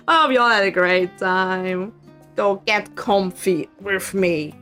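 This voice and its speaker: A woman's voice: mid-range voice, a bit bright. A woman streamer chatting casually with her viewers in a giggly, playful, teasing manner. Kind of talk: casual live-stream chat.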